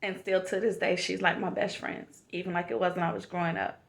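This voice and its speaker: A woman's voice: fairly low pitch, flat delivery, a little fast, creaky. A woman, giving a heartfelt motivational self-love talk and calling the listener "honey.". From South Carolina, USA. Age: 40s. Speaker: vlogger.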